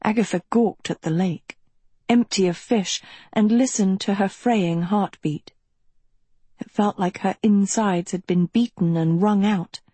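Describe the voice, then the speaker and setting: A woman narrating a dark fantasy storybook in a measured, dramatic way. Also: mid-range voice, slightly rough, no echo. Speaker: audiobook narrator. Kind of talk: scripted narration.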